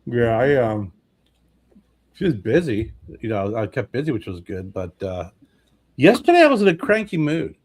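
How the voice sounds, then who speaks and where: A man co-hosting a podcast in casual chat, talking in a relaxed, rambling way and swearing casually. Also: medium pitch, normal speed, breathy edge. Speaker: podcast co-host.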